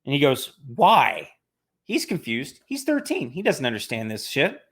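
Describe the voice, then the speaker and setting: A man's voice: medium pitch, wildly swooping pitch, a bit bright, slightly rough. Blunt, profane man in casual chat. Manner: blunt, profane, talks in quick bursts. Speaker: podcast co-host.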